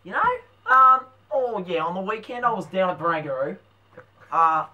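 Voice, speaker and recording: A man's voice: high-pitched, sing-song, unhurried, bright, forceful tone, recorded from a distance, highs cut off, exaggerated voice. A man putting on an offhand, drawling impression of a laid-back, boastful adult Australian bloke. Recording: voice from away from the mic.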